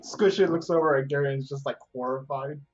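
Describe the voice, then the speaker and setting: A man playing a tabletop game, describing his character's actions in an even way on a dull, lo-fi mic. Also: medium pitch, fast talker.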